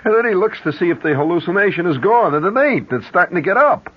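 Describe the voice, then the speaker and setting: A husky male radio host whose voice leaps up and down as he spins a rambling yarn and breaks off for asides. The sound is dull and muffled, like an old 1970s radio broadcast. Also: high voice, expressive, fast talker. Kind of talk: storytelling monologue on radio.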